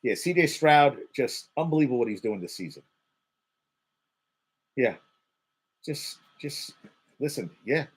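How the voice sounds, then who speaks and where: Animated, husky sports-talk man. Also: medium pitch, a little slow, long pauses. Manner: excitable, swears, repeats words for emphasis. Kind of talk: casual sports commentary monologue.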